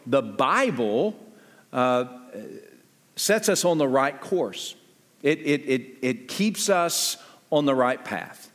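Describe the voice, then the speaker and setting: A man preaching a sermon as pastor, talking conversationally with lively jumps in pitch and quick asides. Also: in a large hall.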